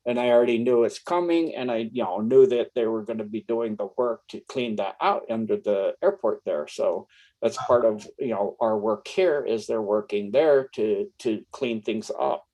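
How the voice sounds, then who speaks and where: A man's voice: fairly low pitch, moderate pace, warm tone, low-quality recording. A man in his sixties telling rambling stories as an interview guest, often laughing between phrases. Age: 60s. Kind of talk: casual anecdotal storytelling.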